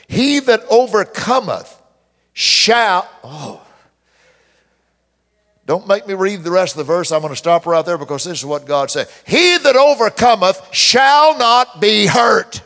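A pastor preaches with lively, sweeping pitch and a slightly raised voice. He drags out scripture lines slow and loud for emphasis, building to a dramatic climax. His voice hangs in the long reverb of a church hall. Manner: preaching with dramatic emphasis, repeats verses slowly and loudly; mimics complainers in a high whiny voice. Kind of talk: sermon. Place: church sanctuary.

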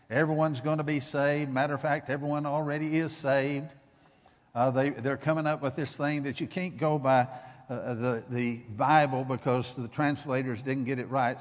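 Man preaching in a reverberant church hall. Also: mid-range voice. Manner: builds from measured teaching to loud emphatic exhortation. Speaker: guest preacher. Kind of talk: sermon.

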